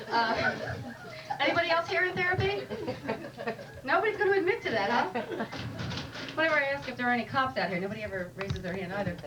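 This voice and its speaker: A female stand-up comedian with a wry, self-deprecating delivery, heard on a distant mic in a noisy club. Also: medium pitch.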